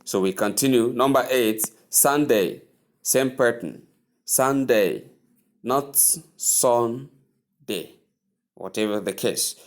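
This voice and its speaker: A man teaching English pronunciation, repeating each word several times and giving patient advice. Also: on the low side. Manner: slow, repetitive drilling of words; patient, advising tone.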